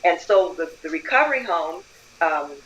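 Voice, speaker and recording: Older woman telling lively stories. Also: on the low side, moderate pace, lo-fi sound, a little hiss or hum. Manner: animated storyteller, acts out quoted dialogue. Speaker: guest, community leader. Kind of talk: storytelling interview.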